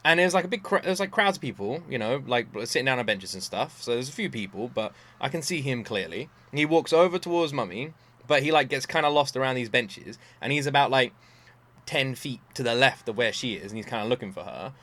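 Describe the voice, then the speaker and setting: A man's voice: mid-range voice, lively intonation, brisk, a bit bright. A man, telling stories animatedly and swearing freely as he hosts a casual reaction video.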